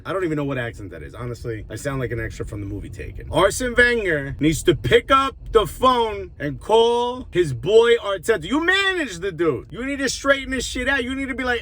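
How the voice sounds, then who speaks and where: A man's voice: very high-pitched, normal speed, few pauses. A man joking and ranting about his football club while driving through city traffic, filming on his phone. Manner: animated, joking, profane, slangy. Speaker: football fan vlogger. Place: inside a car in city traffic. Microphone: phone camera in a moving car. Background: car sounds.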